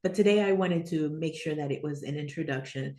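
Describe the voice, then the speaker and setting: In an echoey room, this spiritual teacher runs a loose online lesson, speaking fairly quickly in a low voice. She rambles, keeps asking "right?" and "okay?", laughs readily, and livens up when telling stories.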